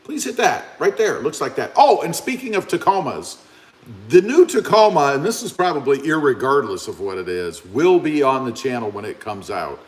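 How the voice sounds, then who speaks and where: A man's voice: medium pitch, sing-song, moderate pace. A man hosting a casual live stream, chatting and reading viewer comments aloud.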